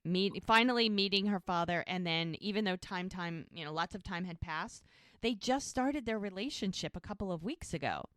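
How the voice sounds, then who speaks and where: A woman co-hosting a podcast, retelling the scenes of a TV episode in a lively, chatty way. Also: fairly low pitch, moderate pace, dry recording, clean studio sound. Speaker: podcast co-host. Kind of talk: casual episode recap chat.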